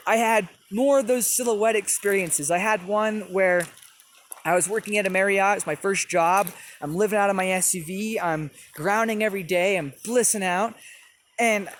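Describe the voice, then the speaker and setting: A young man earnestly recounting personal experiences in an animated, casual way. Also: high-pitched, slight background noise. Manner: earnest, animated, with quick bursts. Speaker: storyteller. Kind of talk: personal testimony.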